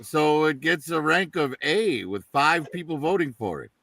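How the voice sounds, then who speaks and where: A man hosting a casual panel, steering it with dry, wry remarks. His voice is slightly higher than most men's and sounds bright and forceful. The recording is close and dry. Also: lively intonation, normal speed, dry recording. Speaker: host. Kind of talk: casual chat.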